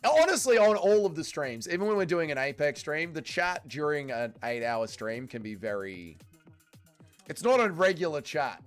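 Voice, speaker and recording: A man's voice: a little high, animated, moderate pace, smooth, faint music behind. A young man hosting a casual livestream watch-along, reading viewer chat aloud, bantering and swearing freely. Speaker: livestream host.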